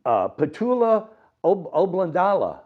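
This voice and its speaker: A man voicing a boastful male hobo who spins tall tales, in a high wheedling put-on voice. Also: sing-song, measured pace, phone-quality sound, full character voice. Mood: yarn-spinning.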